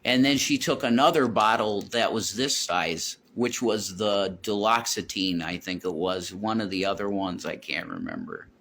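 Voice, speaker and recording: Bright-voiced swearing man telling a story. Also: on the low side, moderate pace, hardly any pauses, slight background noise. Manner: profane, heated, swears constantly. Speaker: vlogger. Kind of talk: rambling personal storytelling to viewers.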